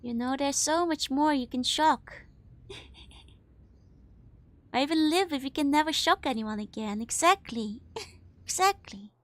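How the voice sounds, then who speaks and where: A woman's voice: high voice, a little slow, long pauses. A woman streaming a let's play, talking over the game in a giggly, playful way.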